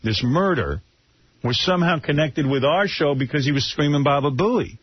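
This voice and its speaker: Male radio host, teasing, mock-formal, husky and lively, dry studio. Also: on the high side, normal speed, dry recording, muffled recording. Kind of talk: casual radio banter.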